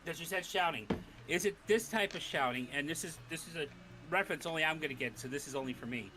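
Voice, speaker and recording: A man's voice: a little high, quick pace, a crowd in the background. A man playing a tabletop game, chatty and joking, slipping into character voices. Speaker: player.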